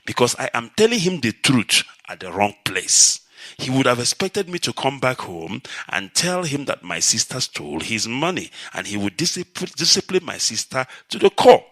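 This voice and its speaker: A middle-aged man from Nigeria hosting a call-in radio show, speaking in a measured, lecturing way and explaining through analogies. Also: lowish voice, bright, forceful tone, dry recording. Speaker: radio host.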